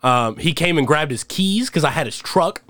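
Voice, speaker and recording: A man's voice: on the high side, expressive, moderate pace, a bit bright, no echo. A young man telling rambling, laugh-filled stories as a guest on a casual podcast. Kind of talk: casual storytelling chat.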